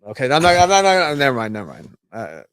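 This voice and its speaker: A drunk man rambles through a story, cursing freely and restarting his sentences. His voice sits at an ordinary middle pitch. The sound is dry and close, with no room around it. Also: big pitch swings, fast talker, a bit bright, smooth, no room sound. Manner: rambling, heavy swearing, tipsy storytelling. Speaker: guest. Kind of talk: casual drunk bar chat.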